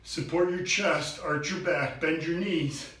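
A man coaching a workout tip, energetic and instructive, out of breath from training. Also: fairly high pitch, a little slow, echoey room, far from the mic, noisy background. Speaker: fitness coach. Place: gym.

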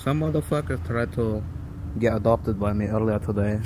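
A male player talks bluntly and profanely in casual game banter. His voice sits fairly low, with clear game noise behind it. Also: normal speed.

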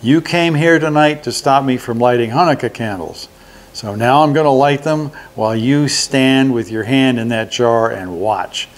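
A man's voice: medium pitch, normal speed, natural voice. An older man voicing a bold, clever young hero. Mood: sly.

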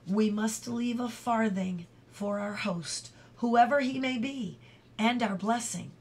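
Storybook read-aloud: a gentle, kindly friar voiced by a woman, calm and solemn. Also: fairly high pitch, takes it slowly, breathy edge, heavily acted.

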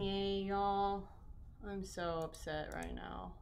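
A woman's voice: mid-range voice, steady tone, slow pace, creaky, darkish tone. Chatty woman streaming her workout, far from mic. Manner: chatty, counting reps between breaths. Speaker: fitness streamer. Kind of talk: live-streamed workout chat. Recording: roomy sound, mic at a distance.

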